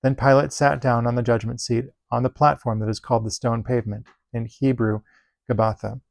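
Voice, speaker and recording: A man reading Bible passages aloud in a steady, measured delivery. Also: mid-range voice, vocal fry, no room sound. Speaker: Bible reader.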